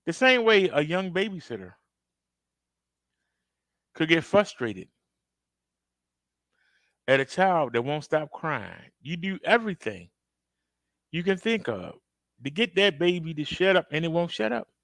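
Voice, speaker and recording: A man's voice: on the high side, very animated, unhurried, pauses often, fairly bright tone, no echo. A man hosting a reaction video, talking casually and emphatically to his viewers and acting out outbursts as he tells a story. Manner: conversational, addresses viewers directly. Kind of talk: casual commentary.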